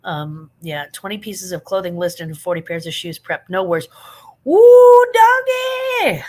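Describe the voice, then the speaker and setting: A woman's voice: fairly low pitch, fairly even intonation, moderate pace. Sleepy, chatty middle-aged woman livestreaming. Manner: chatty, laughing, affectionate toward viewers. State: sleepy, yawning. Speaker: livestream host answering chat. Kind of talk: casual live chat.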